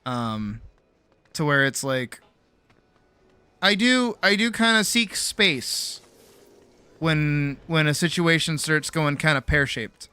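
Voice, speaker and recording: A man's voice: a little high, lively intonation, slow, pauses often, bright, forceful tone, smooth, dry recording. A young adult man streamer telling a personal story in casual chat, acting out both sides of the conversation and often restarting his words. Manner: frequent restarts and repeated words.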